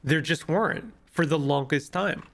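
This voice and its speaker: A young man giving casual, rambling commentary while playing a game, with a voice that is going hoarse. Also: fairly high pitch, moderate pace, fairly bright tone. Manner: rambling, many fillers and restarts. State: losing his voice. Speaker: gaming YouTuber.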